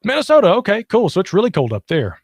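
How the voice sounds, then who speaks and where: A man hosts a late-night call-in show, talking in an upbeat, chatty way with plenty of fillers. His voice sits fairly high. The sound is dry and close. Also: huge pitch swings, fast talker, no room sound. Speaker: podcast host. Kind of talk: casual call-in show chat.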